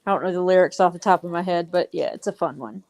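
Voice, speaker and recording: A woman's voice: lowish voice, quick pace, creaky, a little mellow. Eager, chatty older woman. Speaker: grandmother guest. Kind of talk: casual livestream chat.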